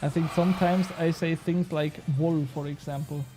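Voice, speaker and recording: A man's voice: fairly high pitch, steady tone, normal speed, mellow, faint music behind. A young man streaming a game, chatting casually and bantering with his chat, swearing now and then.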